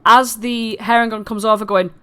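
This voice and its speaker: A woman's voice: mid-range voice, unhurried. Chatty woman running a game. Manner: chatty, lively, many fillers and restarts. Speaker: dungeon master. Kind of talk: narrating a tabletop game.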